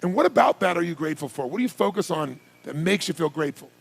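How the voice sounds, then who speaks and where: A man giving a live motivational seminar on a stage before a large audience, energetic, firing rhetorical questions at the crowd and at times shouting to rouse them. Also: a little high, quick pace, creaky, breathy edge. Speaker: motivational speaker.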